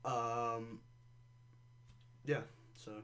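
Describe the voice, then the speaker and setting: A man's voice: mid-range voice, little pitch movement, drawn-out words, bright, forceful tone. A young man hosting a podcast in casual chat, crude, sarcastic and rambling. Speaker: podcast host.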